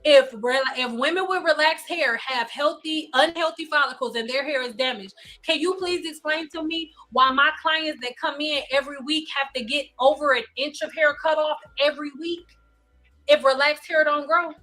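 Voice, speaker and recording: A woman's voice: high-pitched, moderate pace, bright, forceful tone, soft background music. A woman hairstylist hosting a live stream, giving blunt, insistent advice and repeating pointed questions.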